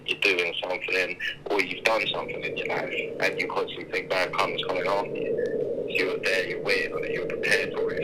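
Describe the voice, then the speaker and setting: A man's voice: low voice, very noisy. A young man telling his own story in a documentary interview, blunt and swearing freely. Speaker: interviewee, knife attack survivor.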